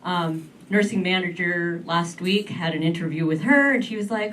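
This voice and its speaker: A woman in her thirties performing an animated stand-up comedy set on a club stage. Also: on the low side, normal speed, few pauses. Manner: animated, switches between voices. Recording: distant mic, club crowd laughing.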